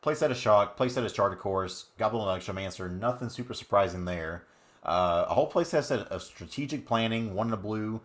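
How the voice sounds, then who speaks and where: A man's voice: fairly low pitch, fairly quick. A man giving upbeat, chatty commentary on card game decks, with many fillers. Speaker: card game content creator. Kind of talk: casual deck commentary.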